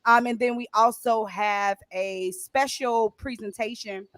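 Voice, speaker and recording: A woman co-hosting a radio talk show, chatting casually and excitably and laughing often. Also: on the high side, measured pace, no echo. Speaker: podcast co-host.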